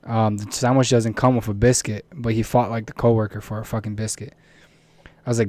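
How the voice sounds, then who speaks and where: A young man co-hosting a podcast, telling stories in animated, blunt casual chat and swearing often. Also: lowish voice, brisk. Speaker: podcast co-host.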